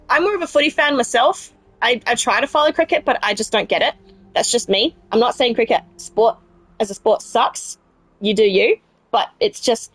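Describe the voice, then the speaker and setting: A woman's voice: medium pitch, no echo. A woman with a South Australian accent, chatting casually with viewers while playing a game. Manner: chatty, rambling, answers live chat. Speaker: let's play streamer. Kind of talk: casual gaming chat with viewers.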